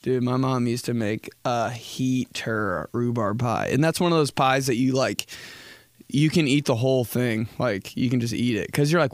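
A man's voice: mid-range voice, brisk, dry recording, clean studio sound. A young man hosting his own podcast, chatting casually and telling rambling, jokey stories with a lot of swearing. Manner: profane, rambling, jokey storytelling. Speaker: podcast host. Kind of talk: solo casual podcast chat.

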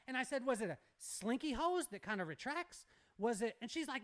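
Animated man telling a story. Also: very high-pitched, moderate pace. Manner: animated storyteller, acts out dialogue, laughs often. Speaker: guest speaker. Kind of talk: casual storytelling.

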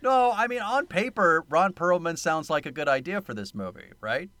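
A man's voice: a little high, lively intonation, normal speed, pushed and bright, no room sound. A man co-hosting a casual film review podcast, sarcastic, laughing often and swearing freely. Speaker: podcast co-host.

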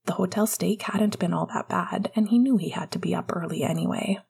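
A woman narrating a fan fiction audiobook softly, often dropping into a whisper. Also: fairly low pitch, fairly quick, vocal fry, husky.

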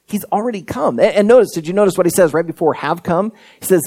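A man's voice: high voice, quick pace, hardly any pauses, darkish tone. A man preaching a sermon as pastor, conversational and unpolished, with frequent fillers and restarts, building to emphatic points.

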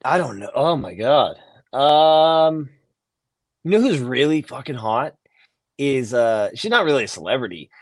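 A man's voice: medium pitch, animated, a little slow, no echo, studio quality. An American man as a podcast guest, laid-back and crude, chuckling in casual chat. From United States. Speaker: guest, motorcycle test rider.

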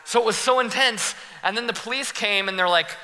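A young male pastor preaches, spinning animated stories and acting out every scene. His voice rides a little high and sounds strikingly bright and sharp. It rings through a large church hall with long reverb trailing after it. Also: a little fast. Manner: animated, laughing storyteller who acts out scenes. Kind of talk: sermon with personal storytelling.

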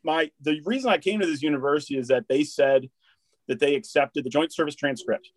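A man in his thirties from Wisconsin, a veteran, spins a long casual story in a slightly high voice. He rambles, restarts his words, and swears and says "dude" freely. The recording is dry and close, with no room echo. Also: a little fast. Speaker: military veteran guest.

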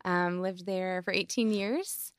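Young woman from Colorado, interview guest, voice a bit low, relaxed and measured, dry close sound. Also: clear, resonant tone, no echo. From Colorado, USA. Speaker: podcast guest, worship leader. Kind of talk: casual interview.

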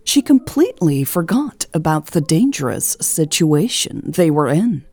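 Slow, husky woman audiobook narrator. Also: deep voice, very animated, warm tone. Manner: slow, measured reading.

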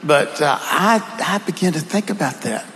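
A man's voice: a little high, expressive, moderate pace, fairly bright tone, big-room sound, slight background noise, poor audio. A man with a Southern accent, telling earnest, folksy stories as a guest in a conversation. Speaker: guest speaker. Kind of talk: conversational storytelling.

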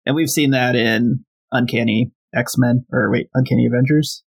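A man's voice: mid-range voice, fairly even intonation, normal speed, vocal fry, poor audio. A man co-hosting a podcast, casually recapping comic book plots with lots of fillers and paraphrased dialogue. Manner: recaps plot with many fillers and quoted paraphrase. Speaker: podcast co-host.

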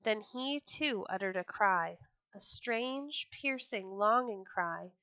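Female storyteller, children's book reading, expressive, bright and dry. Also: mid-range voice, slow pace, no room sound.

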